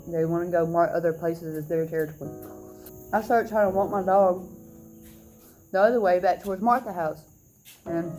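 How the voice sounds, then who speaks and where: Young woman vlogger ranting through a storytime, worked up, faint music in the back. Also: lowish voice. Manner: animated, indignant storytelling. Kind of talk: storytime vlog.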